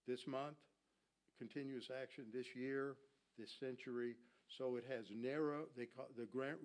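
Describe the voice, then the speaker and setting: This Bible teacher has a medium-pitched, darkish voice. His classroom lecture runs off slides, explaining Greek grammar, and he asks his audience questions that he then answers on his own.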